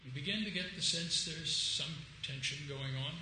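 A man giving an academic lecture, emphatic and animated, sometimes acting out quoted lines. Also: fairly high pitch, normal speed. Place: lecture room. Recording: echoey lecture room with faint noise.

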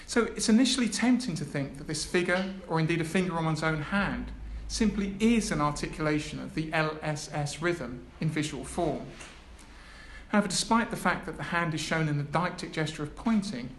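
A man's voice: fairly high pitch, expressive, brisk, a bit bright. A man gives an academic lecture, reading a prepared text with hesitant asides. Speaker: academic speaker. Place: lecture room. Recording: echoey room, faint background noise.

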